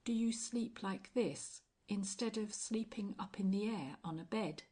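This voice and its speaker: A woman voicing a gentle wondering angel. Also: medium pitch, unhurried, husky, voice pushed up. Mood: innocent wonder. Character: mild, innocent, puzzled male angel.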